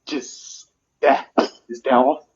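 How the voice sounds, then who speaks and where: A man's voice: medium pitch, fairly even intonation, slow, a crowd in the background. A man of thirty speaking earnestly and with feeling, his voice rising as he pleads his case. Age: 30s. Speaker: guest speaker on a live stream. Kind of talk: emotional live-stream monologue. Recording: muffled live-stream audio.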